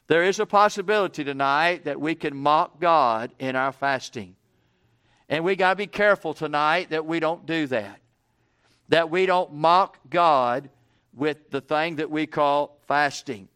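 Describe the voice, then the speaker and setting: A man preaching revival in a smooth, resonant voice pitched a little high. He calls "amen?" to the congregation. He builds to loud, drawn-out emphasis. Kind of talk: revival sermon.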